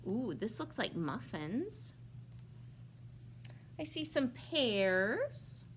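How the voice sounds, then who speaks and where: Woman children's librarian, slow and lively read-aloud, asks kids questions, faint room hum. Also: high-pitched. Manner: slow, sing-song, asks young listeners questions. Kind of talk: preschool storytime read-aloud.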